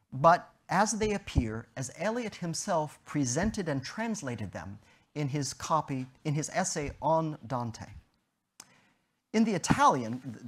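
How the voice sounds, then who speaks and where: Slow, measured male lecturer. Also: fairly high pitch. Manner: measured, deliberate delivery with emphatic stresses. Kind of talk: academic lecture.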